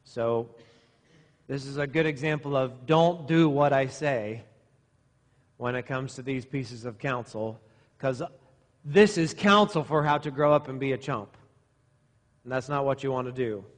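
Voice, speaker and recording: A man's voice: medium pitch, measured pace, long pauses. A middle-aged male pastor preaching to young men, using sarcasm and exaggeration to make his point. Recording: long reverb in a hall.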